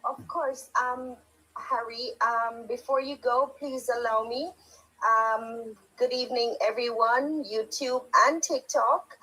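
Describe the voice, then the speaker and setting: Woman moderator, husky, slightly high voice, soft-spoken thanks to viewers on a live stream. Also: steady tone, takes it slowly, low-quality recording. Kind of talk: casual live-stream chat.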